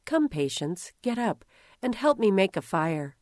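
A woman doing a gentle, determined pioneer mother. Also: mid-range voice, big pitch swings, measured pace, dry recording, studio quality. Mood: coaxing.

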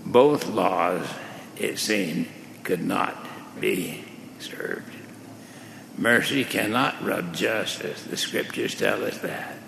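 Slow, gravelly male preacher. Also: fairly low pitch, a bit bright, slight background noise. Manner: slow, measured, deliberate storytelling. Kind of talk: sermon parable. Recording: echoey hall with faint ambience.

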